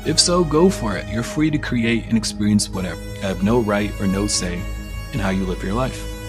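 Over background music, a man with a lowish voice speaks at a moderate pace, expressively. His motivational monologue is blunt, casual and persuasive, with plenty of swearing for emphasis.

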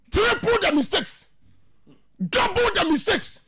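Impassioned Ghanaian radio pundit, high lively voice. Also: male voice, normal speed. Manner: impassioned, mixes English with Twi, shouts and sings phrases. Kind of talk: heated radio football talk.

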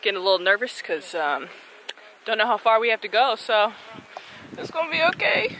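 A woman's voice: medium pitch, big pitch swings, brisk, background noise. A young woman vlogging a hike on a mountain trail outdoors, bubbly and playful, a little out of breath, talking into a handheld camera. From United States. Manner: bubbly, playful, laughs often. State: out of breath from hiking. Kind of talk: casual vlog narration.

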